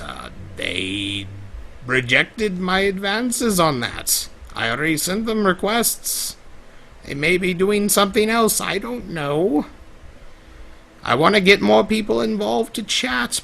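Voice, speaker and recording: Man voicing a male chaos spirit, vain, theatrical, gravelly, bright, melodramatic, slow drawl, in-character livestream. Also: high-pitched, full character voice. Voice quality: gravelly, drawling, calls people darling. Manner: dramatic sighs and melodramatic laments.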